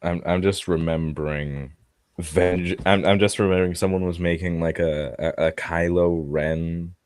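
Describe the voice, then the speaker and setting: A young man in casual gaming chat, talking in a halting way and swearing casually. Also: sits low, fairly even intonation, a little mellow, dry recording. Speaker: tabletop game player.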